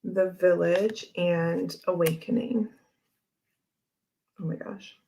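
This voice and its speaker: Chatty woman with a lowish voice. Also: steady tone, takes it slowly, creaky, dark tone, a little hiss or hum. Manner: chatty, rambling, laughs often. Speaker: tarot livestream host. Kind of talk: casual chat while handling cards.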